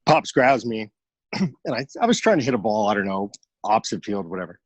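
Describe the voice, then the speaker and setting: Man telling a lively story. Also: lowish voice, a little fast, breathy edge, dry recording, highs cut off. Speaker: guest, hitting coach. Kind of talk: casual podcast storytelling.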